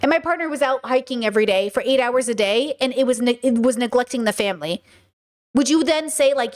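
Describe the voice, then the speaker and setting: A woman hosting a podcast in a casual monologue, animated and blunt, swearing freely and often restarting her sentences. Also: fairly high pitch, brisk. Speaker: podcast host.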